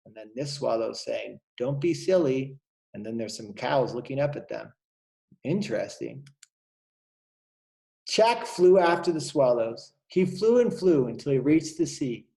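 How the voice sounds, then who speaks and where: A man, a kindergarten teacher, reading a picture book aloud to young children and pausing to point out the pictures. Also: medium pitch, vocal fry, dark tone.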